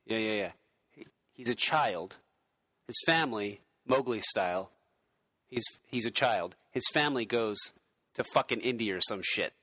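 A man riffing through an improvised comedy pitch, excitable and swearing freely as he spins out ideas. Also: normal speed, pauses often, no room sound.

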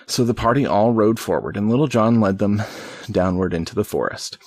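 A man's voice: on the low side, fairly quick, darkish tone, husky, no echo. A man casually reading a storybook aloud, stumbling now and then and adding wry asides. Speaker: reader.

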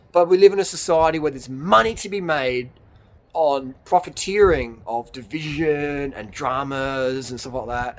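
Male vlogger, rambling and blunt, a little high-pitched, swears freely, faint outdoor background. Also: slight background noise. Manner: rambling, blunt, swears, laughs at own jokes. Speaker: YouTuber. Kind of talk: rambling motivational vlog rant. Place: outdoors in the hills on a cold evening.

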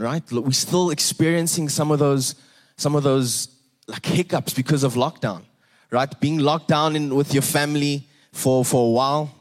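South African man preaching conversationally. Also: mid-range voice. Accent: South African English. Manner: conversational, with frequent restarts and "right?" asides. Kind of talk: sermon.

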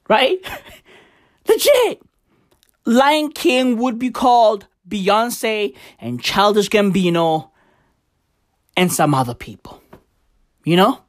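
Profane young woman ranting. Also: fairly high pitch. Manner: profane, slangy, mock-outraged. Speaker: vlogger. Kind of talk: comedic rant to camera.

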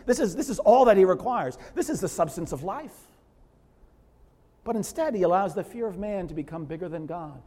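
Speaking briskly and expressively in a dark tone, a pastor gives a sermon with a long reverb tail behind him. He dramatizes scripture characters through quoted voices, pitch rising sharply.

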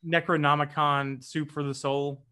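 A man co-hosting a podcast in casual chat, quick and jokey with many fillers. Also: a little high, level tone, pushed and bright, a little hiss or hum. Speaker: podcast co-host.

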